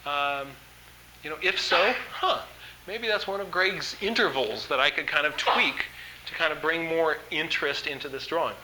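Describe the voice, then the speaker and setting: A man's voice: fairly high pitch, normal speed, heavy background noise. A man teaching an art workshop, talking in an enthusiastic, conversational way with frequent fillers. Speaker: art instructor. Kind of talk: workshop lecture.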